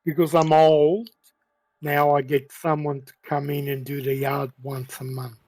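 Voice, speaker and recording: A man on voice chat with a fairly high voice, joking easily with his raid mates. His sound is dry and close, with no room around it. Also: little pitch movement, unhurried, a little mellow, dry recording. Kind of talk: casual voice chat.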